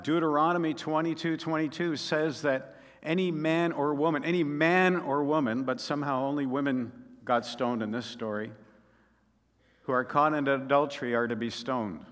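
A male pastor giving a sermon, retelling scripture with dramatic swings between loud emphasis and quiet, soft asides. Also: on the high side. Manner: expressive preaching, storytelling with sudden loud and soft swings. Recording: long hall reverb.

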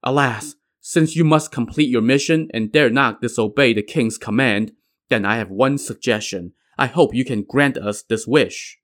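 A man's voice: medium pitch, normal speed, fairly bright tone, natural voice. A man reading the lines of a crown prince who solemnly asks to die for his brother. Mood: sorrowful. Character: grave crown prince, sorrowful and noble.

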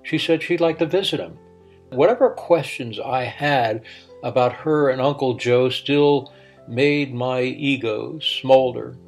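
A man's voice: mid-range voice, faint music behind. Reflective middle-aged male storyteller. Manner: reflective, with a halting, stammering delivery. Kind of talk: reading a personal story.

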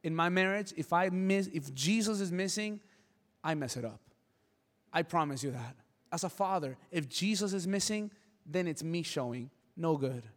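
A man's voice: a little high, expressive, normal speed, in a large hall. A man preaching a sermon with passion, repeating words for emphasis and telling stories. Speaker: pastor.

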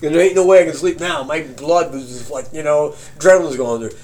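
A man casually telling a profane campfire story, animated and often laughing as he recounts it. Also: a little high, quick pace.

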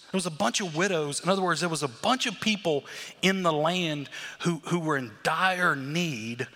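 A man preaching a sermon as pastor, animated, acting out the crowd's voices. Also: a little high, normal speed, long reverb tail.

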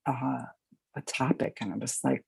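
A middle-aged woman with a husky, gravelly voice shares her recovery story in a halting, emotional manner. Her tone is dark and mellow, and the sound is dry and close. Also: very deep voice, steady tone, dry recording, rough recording. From Baltimore, Maryland. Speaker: recovery meeting speaker. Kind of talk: personal sharing.

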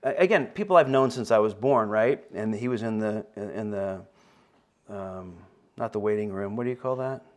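During a sermon, a pastor shares a personal story in a fairly low-pitched voice. He halts often and repeats words, and his voice rises at the emotional moments.

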